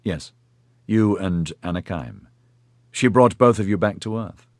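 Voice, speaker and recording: A man voicing a patient, formal male clinic official who explains things in a measured, polite way with hesitant fillers. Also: lowish voice, darkish tone, no room sound, clean studio sound, close to an everyday voice. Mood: explaining.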